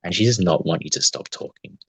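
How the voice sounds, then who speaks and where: A man's voice: low voice, fast, fairly bright tone, slightly rough, dry recording, rough recording. A man co-hosting a podcast, telling rambling, reflective travel stories in casual chat with some swearing. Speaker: podcast co-host.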